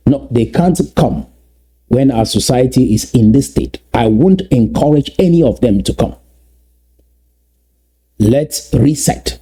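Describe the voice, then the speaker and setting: Slow and full of long pauses, a political speaker from Southern Cameroons gives a fervent address to his community in a mid-range, dark, slightly rough voice. He repeats himself for emphasis and asks many rhetorical questions.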